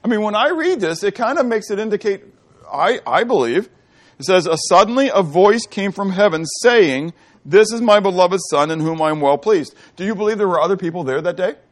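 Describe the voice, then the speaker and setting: Lively preaching man, fairly high voice. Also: fairly quick. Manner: asks the crowd questions and answers them himself; lively, shifting between loud and quiet delivery. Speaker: pastor. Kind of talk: sermon teaching.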